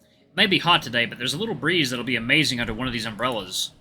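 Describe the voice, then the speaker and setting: Man narrating visual novel, chatty asides, lively, very bright voice, faint music. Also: mid-range voice, quick pace, slight background noise. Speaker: let's play host.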